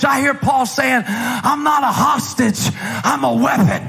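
A man preaching a fiery sermon in a large church, shouting in repeated refrains. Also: extremely high pitch, unhurried, creaky. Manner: shouting, rising intensity, repetitive refrains. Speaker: pastor.

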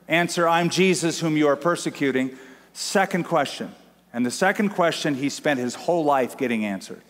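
A male pastor delivers an emphatic sermon in a fairly high voice, pausing for effect and repeating key lines. His words ring out with a long reverb, as if filling a large sanctuary. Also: expressive. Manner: emphatic preaching with dramatic pauses and repetition.

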